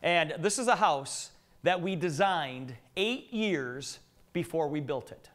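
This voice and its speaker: A middle-aged man with a fairly high voice speaks to a live audience in a meeting room. He tells joking stories and keeps asking the crowd questions. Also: lively intonation, slow pace, fairly bright tone. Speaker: business presenter. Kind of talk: live business presentation with anecdotes.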